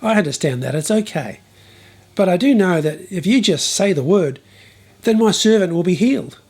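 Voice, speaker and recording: A man's voice: sits high, animated, normal speed, darkish tone, husky, full character voice. A man voicing an earnest, humble Roman centurion in a spoken bible story. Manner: earnest, pleading.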